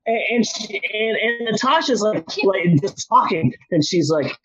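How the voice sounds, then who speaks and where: A man in his forties telling a rambling story in casual chat, animated, jumping into high panicked outbursts. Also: a little slow, hardly any pauses, breathy edge, muffled recording. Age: 40s.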